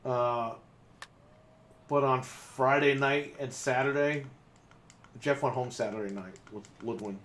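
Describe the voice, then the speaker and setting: A man's voice: mid-range voice, steady tone, takes it slowly, long pauses, fairly bright tone. Casual swearing male gaming podcast co-host. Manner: swearing, storytelling with laughs. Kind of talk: casual chat while playing a game.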